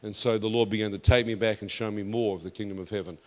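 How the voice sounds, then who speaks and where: New preacher in an echoing hall. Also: male voice, fairly low pitch, steady tone, fast talker. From New Zealand. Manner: emphatic, builds to loud declarations. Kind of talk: testimony sermon. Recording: long reverb of a hall.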